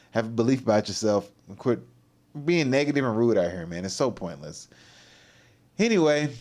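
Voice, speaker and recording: A man's voice: mid-range voice, a little mellow. A man hosting a casual livestream, reacting to clips in a laid-back, rambling way and giving motivational advice. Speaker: livestream host.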